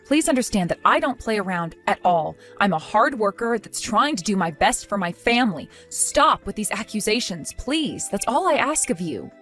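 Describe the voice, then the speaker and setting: A woman's voice: mid-range voice, big pitch swings, normal speed, hardly any pauses, fairly bright tone, faint music behind. A woman voicing a defensive, exasperated young wife in a text-story drama, pleading and indignant.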